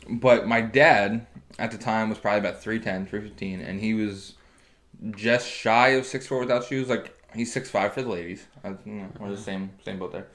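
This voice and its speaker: A man's voice: on the low side, fairly even intonation, normal speed, fairly bright tone, roomy sound. A man co-hosting a podcast, telling blunt, profane stories in casual banter. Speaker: podcast co-host.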